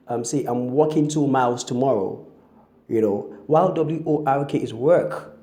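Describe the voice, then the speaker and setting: A man's voice: medium pitch, moderate pace, dark tone. A man giving a spoken English pronunciation lesson, spelling words out letter by letter with frequent "you know" and "um". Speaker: pronunciation teacher.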